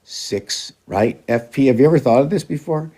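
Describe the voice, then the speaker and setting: A man's voice: mid-range voice, animated, normal speed, warm tone. A man in a rambling, casual monologue who talks to his cats in a raised, coaxing voice and jumps between loose ideas.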